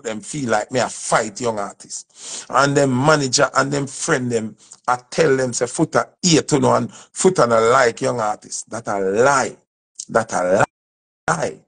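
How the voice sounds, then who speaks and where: A man's voice: medium pitch, creaky, a bit bright. A Jamaican man from the dancehall scene, giving an emphatic, preachy speech and repeating his points. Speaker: dancehall artist. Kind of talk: impassioned speech to camera.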